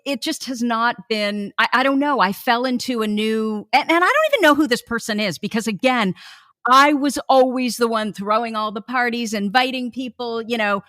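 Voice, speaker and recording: A woman from the United States hosting a podcast, talking conversationally with quick asides and tag questions. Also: a little high, a bit bright, no room sound, studio quality. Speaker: podcast host. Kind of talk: casual podcast interview.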